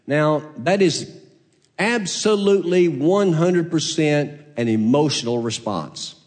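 A male pastor preaching a sermon, moving from hushed, drawn-out lines to loud, rising exclamations. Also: a little high, lively intonation.

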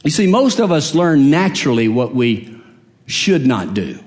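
A man's voice: mid-range voice, very animated, measured pace, darkish tone. A man preaching a sermon, emphatic, repeating his phrases and asking rhetorical questions.

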